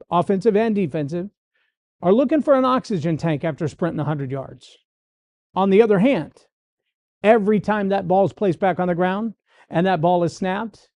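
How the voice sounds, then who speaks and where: A man with a high-pitched, mellow voice hosts a show as a motivational speaker and podcast host. He gives a folksy motivational talk and performs the voices of the people he quotes. There's no echo.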